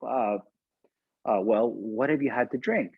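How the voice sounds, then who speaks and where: A man's voice: mid-range voice, measured pace, creaky, breathy edge, dry recording, phone-quality sound. A man voicing a polite, hesitant police officer in his thirties.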